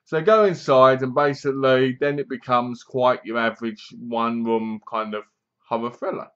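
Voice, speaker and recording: A man's voice: fairly even intonation, normal speed, fairly bright tone, smooth, dull audio. Rambling man recapping a film. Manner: rambling, quotes characters in low murmurs. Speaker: film reviewer. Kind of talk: casual plot recap.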